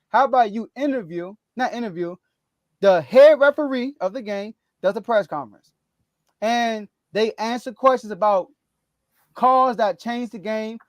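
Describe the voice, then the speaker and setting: Animated high-voiced man ranting about sports. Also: no echo. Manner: laughs often, animated ranting. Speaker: podcast host. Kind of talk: casual sports talk.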